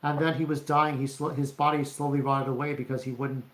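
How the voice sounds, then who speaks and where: A man's voice: mid-range voice, flat delivery, a little fast, a bit bright. Rambling, profane man ranting, echoey. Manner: rambling, profane, keeps checking in with "okay?". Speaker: vlogger. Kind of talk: ranting monologue to camera. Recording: roomy echo.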